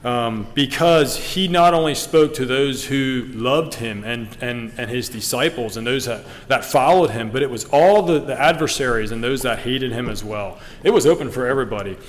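A man preaching a sermon, earnest and halting, with frequent ums and restarts, reading scripture aloud. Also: mid-range voice. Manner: reads scripture in King James wording. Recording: long reverb of a hall.

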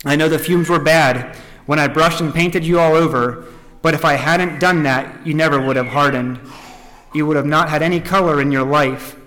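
A man playing a patient master potter who explains things quietly and gently. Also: fairly high pitch, steady tone, moderate pace, a little hiss or hum, close to an everyday voice. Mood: gentle. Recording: echoey hall.

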